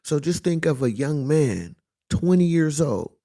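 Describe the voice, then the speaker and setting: Gravelly man with a casual monologue. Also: a little high, sing-song, unhurried, mellow. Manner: conversational, repeats "you know what I'm saying" and "you feel me". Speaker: motivational speaker.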